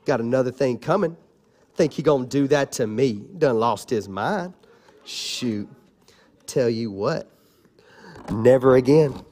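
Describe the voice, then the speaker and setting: A man's voice: mid-range voice, measured pace, long pauses, a little mellow, pitched below the performer's own voice, close to an everyday voice. A man preacher voicing a scorned young widow woman who schemes revenge, talking in a sassy, drawling, muttering way. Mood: scheming.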